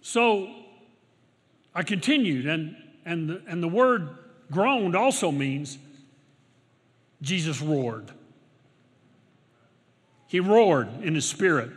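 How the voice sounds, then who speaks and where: A middle-aged male pastor preaching a sermon, swinging from loud exclamations to quiet storytelling, recorded in a large church auditorium. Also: on the high side, husky. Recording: long hall reverb.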